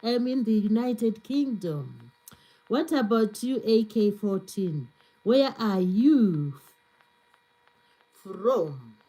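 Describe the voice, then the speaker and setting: A woman's voice: mid-range voice, lively intonation, extremely slow, dark tone, low-quality recording. A woman hosting a live stream, chatting casually and reading out viewer comments to answer them. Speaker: cooking channel host on a live stream.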